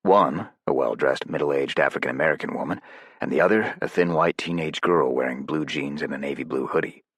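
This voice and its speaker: A man narrating a thriller audiobook in a steady, even storytelling manner. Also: a bass voice, brisk, breathy edge, no room sound. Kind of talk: scripted narration.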